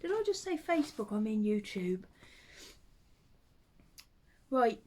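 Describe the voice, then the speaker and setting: A woman chatting casually to camera at home, rambling with hesitant ums and soft under-breath asides. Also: a little high, very animated, takes it slowly. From United Kingdom. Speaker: vlogger and full-time teddy bear maker.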